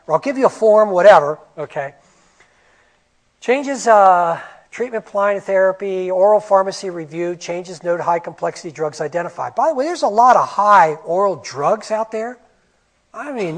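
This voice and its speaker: High-voiced animated male presenter. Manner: animated, emphatic, rhetorical questions. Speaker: medical coding presenter. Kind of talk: conference presentation. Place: conference room.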